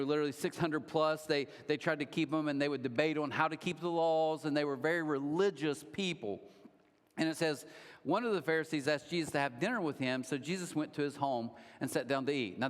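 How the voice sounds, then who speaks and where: A man with a fairly high voice preaches a sermon in a casual, storytelling way, throwing in lively asides. His voice carries a long reverb from a large church auditorium. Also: fairly quick. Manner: conversational storytelling, animated asides. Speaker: pastor.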